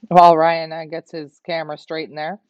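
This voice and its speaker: A woman's voice: deep voice, steady tone, normal speed, darkish tone, dry recording. A woman co-hosting a live stream, reading out viewer comments in a chatty way. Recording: dull lo-fi stream audio, faint noise.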